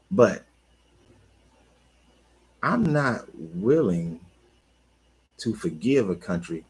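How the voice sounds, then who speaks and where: A man talking casually on his own, an animated coach who repeats himself and talks back to the listener. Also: low voice, husky, rough recording. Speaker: life coach. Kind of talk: casual monologue.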